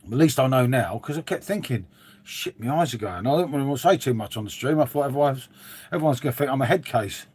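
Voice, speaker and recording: Middle-aged bloke, casual stream host, chatty and rambling, keeps saying mate. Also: male voice, mid-range voice, quick pace, a little mellow, husky. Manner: chatty, rambling, says "mate" a lot, reads and answers viewers. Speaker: livestream host. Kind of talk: casual live-stream chat. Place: dim room at home.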